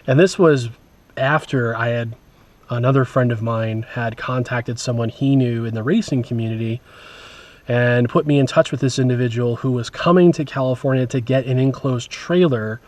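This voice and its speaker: A man's voice: medium pitch, normal speed, darkish tone. A man vlogging casually, recounting a story in a rambling, wry way with many asides and restarts.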